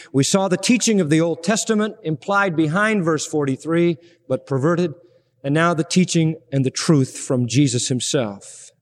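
High-voiced preacher in a reverberant hall. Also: male voice. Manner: emphatic preaching, rising to stress key words. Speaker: pastor. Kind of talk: expository sermon.

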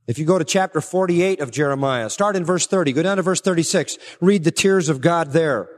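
A man preaching a sermon emphatically, pressing some words hard and dropping low and slow on others. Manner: emphatic, swings between raised stresses and low, slow drops. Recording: long reverb of a large hall.

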